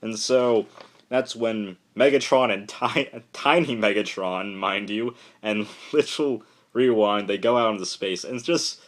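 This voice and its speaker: A young man giving a casual, rambling spoken review of a comic, retelling the plot excitedly with lots of fillers. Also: lowish voice, measured pace.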